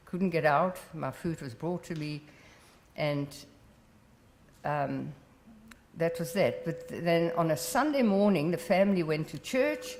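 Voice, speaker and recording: An older woman from the Netherlands with a South African accent, Dutch as her first language, telling her life story in plain, unhurried talk. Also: low-pitched, expressive, a little mellow, slight background noise. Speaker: Holocaust survivor speaker. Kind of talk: personal testimony talk. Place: college exhibit hall. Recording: roomy hall with long reverb.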